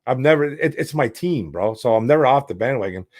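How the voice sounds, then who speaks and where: A man's voice: medium pitch, lively intonation, fairly quick, dry recording, studio quality. A man with a Michigan accent hosting a casual sports talk show, rambling and frustrated, calling listeners bro and man. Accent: Detroit, Michigan. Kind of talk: casual sports talk, reading chat questions.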